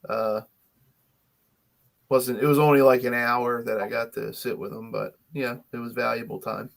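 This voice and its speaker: Gravelly man in casual podcast chat. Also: mid-range voice, level tone, moderate pace. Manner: rambling, full of fillers and restarts. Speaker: podcast co-host.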